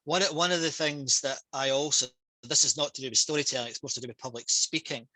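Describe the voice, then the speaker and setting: A man's voice: medium pitch, fast, no room sound, low-quality recording. A man with a Scottish accent, a public speaker and trainer, talking casually and with passion on a video call over a headset. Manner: passionate, energetic storytelling.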